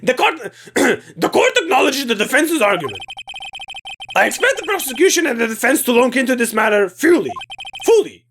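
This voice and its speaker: A woman's voice: high voice, sing-song, moderate pace, a bit bright, slight background noise, full character voice. A woman voicing a stern, fussy old male judge in a video game. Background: game music.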